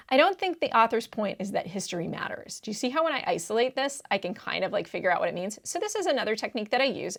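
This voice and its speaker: A woman tutor explains reading test answers with a gravelly edge to her mid-pitched voice. Her talk is casual and slangy, and she keeps checking in with the listener. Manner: emphatic, keeps checking in with "right?".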